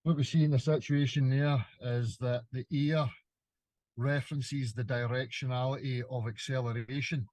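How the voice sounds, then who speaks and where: A man presents a demonstration in an earnest, instructive tone. His voice is mid-pitched and sounds dry and close. The clip is played during a live stream. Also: fairly even intonation, normal speed, darkish tone, dry recording. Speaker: video presenter. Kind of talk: explaining a demonstration.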